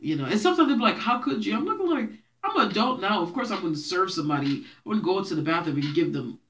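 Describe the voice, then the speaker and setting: A young woman with a low, fairly bright voice tells childhood stories to camera in a chatty, laugh-filled way. Haitian Creole was her first language, and she was raised in Brooklyn by Haitian parents.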